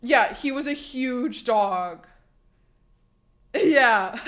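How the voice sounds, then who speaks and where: A woman's voice: mid-range voice, moderate pace. Chatty young woman streamer, casual. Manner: chatty, swearing, trailing restarts. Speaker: livestreamer. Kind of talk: casual chat to stream viewers.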